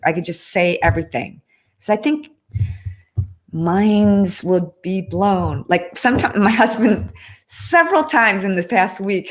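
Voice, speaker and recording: A woman hosting a casual livestream, chatting earnestly and reading out viewer comments, often breaking off and restarting. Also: mid-range voice. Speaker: livestream host.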